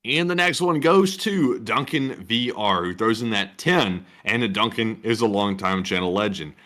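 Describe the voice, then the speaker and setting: A man's voice: fairly low pitch, animated, a little slow, sharp tone. A man co-hosting a livestream, reading out viewer messages in a casual, joking way. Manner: jokey, reads messages aloud. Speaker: livestream co-host reading super chats.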